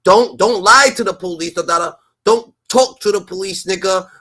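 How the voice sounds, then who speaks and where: Bright high-voiced man rambling casually. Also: normal speed. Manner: rambling, animated, filler-heavy, slips into loud impressions. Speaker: stream host. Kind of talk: casual street-talk commentary.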